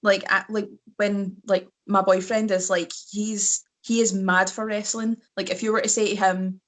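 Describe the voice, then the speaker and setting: Level in tone and mid-range in pitch, the Scottish woman talks at a normal speed as a wrestler guest in a relaxed chat. She's slightly hoarse and often laughs between her fillers.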